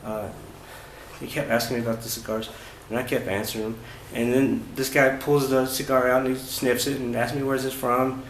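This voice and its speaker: A man vlogging about his travels, recounting events in a casual, halting way with many fillers and restarts. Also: medium pitch, level tone. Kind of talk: casual first-person storytelling. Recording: roomy echo with faint ambient noise.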